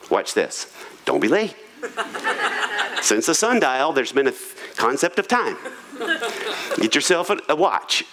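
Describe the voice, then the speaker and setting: Male pastor, sermon, slightly high voice, animated pitch, joking, conversational. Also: poor audio. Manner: humorous, conversational, self-deprecating. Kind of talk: sermon on marriage. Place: church auditorium.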